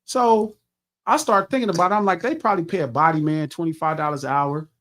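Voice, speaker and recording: A man's voice: a little high, fast. A middle-aged man hosting a podcast, telling a long casual story with lots of swearing and acting out what he said to others. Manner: profane, animated, acts out his own quotes. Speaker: podcast host.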